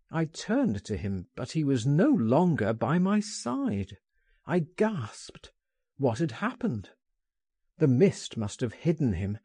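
Slow, expressive male storyteller. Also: medium pitch, breathy edge, dry recording. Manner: unhurried, expressive, lively intonation. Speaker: audiobook narrator. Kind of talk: slow first-person story reading.

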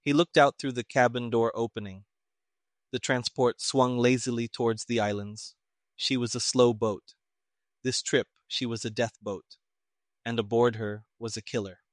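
A man's voice: medium pitch, moderate pace, dry recording. Man narrating an audiobook, dry sound. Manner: steady, plain storytelling.

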